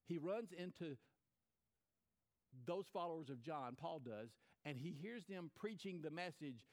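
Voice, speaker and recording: A male pastor preaching with a lively storyteller's delivery. His voice sits a little higher than most men's. He repeats phrases for emphasis and briefly acts out the people in his story. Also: normal speed. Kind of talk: sermon.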